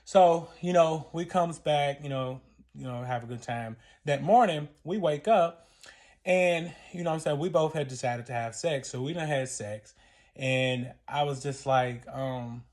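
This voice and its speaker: A man's voice: mid-range voice, a little mellow. A young man telling a personal story in a casual vlog. He talks in an emotional, rambling way, with lots of cursing and fillers.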